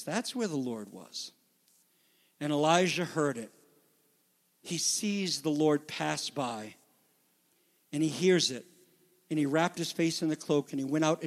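High-voiced preacher in a reverberant hall. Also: male voice. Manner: dynamic preaching, drops to a hush then builds to loud exhortation. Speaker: pastor. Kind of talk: sermon.

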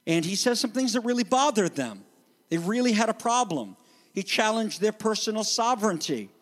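A man preaching a sermon as pastor, animated and conversational, acting out the voices he quotes. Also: high voice, normal speed, long reverb tail.

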